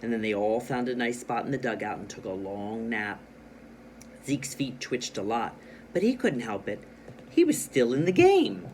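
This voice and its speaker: Expressive male teacher reading aloud. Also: lowish voice, slight background noise. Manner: expressive read-aloud with stressed words and pauses, then plain explaining. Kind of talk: children's reading lesson, reading a storybook aloud.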